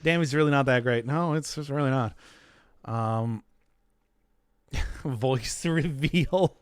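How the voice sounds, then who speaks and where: A man's voice: mid-range voice, moderate pace, smooth, dry recording. A man streaming a game, giving casual commentary full of giggly, self-deprecating banter with his chat.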